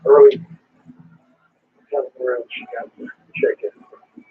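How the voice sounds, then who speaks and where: A man chats easily as he checks in to an amateur radio net. His voice is very raspy and rough. The transmission sounds thin and narrow, as if heard over a phone. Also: mid-range voice, normal speed. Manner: relaxed, conversational. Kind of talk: ham radio net chat.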